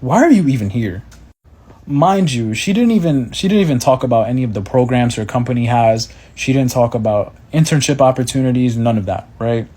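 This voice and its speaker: A man's voice: medium pitch, a little fast, few pauses, warm tone, husky. A man ranting to the camera in frustration about job hunting, often tossing in "right?" as he tells a story. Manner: frustrated, repeats "right?" a lot. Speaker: job seeker.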